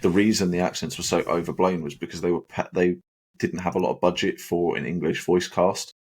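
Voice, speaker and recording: A man's voice: deep voice, steady tone, brisk, darkish tone, breathy edge. A man co-hosting a casual gaming podcast, rambling with plenty of "like" and "sort of". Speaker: podcast co-host.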